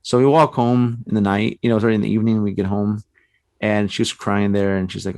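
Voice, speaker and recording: Man, lowish voice, casual rambling storytelling, lots of fillers, dry close podcast mic. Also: level tone, quick pace, darkish tone, no echo. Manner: rambling, filler-heavy telling with many "you know" and "like". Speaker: podcast guest, paranormal investigator.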